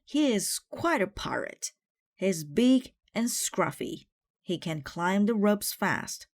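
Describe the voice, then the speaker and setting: Loud proud pirate captain in a storybook, grumpy and blustering, as a woman reader does him. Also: mid-range voice, big pitch swings, takes it slowly, pitched above the performer's own voice, exaggerated voice. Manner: blustering, raising the voice.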